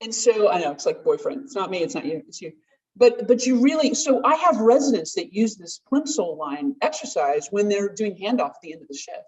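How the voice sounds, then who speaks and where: A woman speaking to a conference audience, lively and conversational, acting out quoted voices and laughing often. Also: mid-range voice, fairly quick. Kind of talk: conference talk. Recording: distant, dull room mic.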